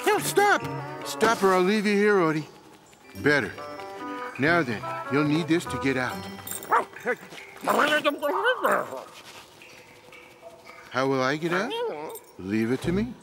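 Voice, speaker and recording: A man's voice: medium pitch, sing-song, normal speed, long pauses, close to an everyday voice. An actor voicing a lazy, sarcastic male orange cat in a cartoon, with a smug drawl. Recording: music bed under dialogue.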